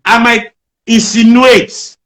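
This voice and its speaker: A Nigerian comedian talks through his craft in an interview, slipping readily into acted-out stories. His male voice sits fairly high, and his Nigerian accent colors every line. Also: slow, a little hiss or hum, low-quality recording. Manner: animated storyteller, acts out jokes. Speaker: comedian guest. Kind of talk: interview storytelling.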